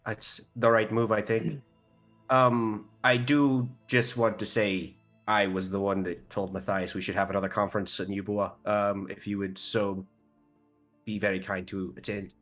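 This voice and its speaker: A man's voice: on the low side, flat delivery, measured pace, a bit bright, faint music behind. A man playing a tabletop game, talking casually and swearing freely. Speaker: player.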